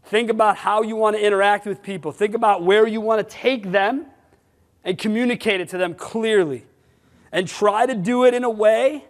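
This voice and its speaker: Blunt high-voiced man in a reverberant hall. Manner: blunt, animated, fires rhetorical questions at the audience. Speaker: sales management conference speaker. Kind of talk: conference presentation. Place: conference hall.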